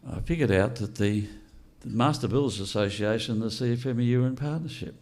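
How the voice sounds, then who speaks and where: A man's voice: mid-range voice, fast talker, darkish tone. An older man giving a blunt, unscripted speech to an audience and asking rhetorical questions. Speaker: speaker at a political launch event.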